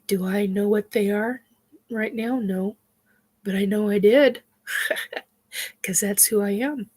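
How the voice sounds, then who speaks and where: A woman hosting a casual spiritual chat, talking in a halting way with many fillers and sighs, her nose stuffed up from crying. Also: mid-range voice, darkish tone, breathy edge. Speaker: host.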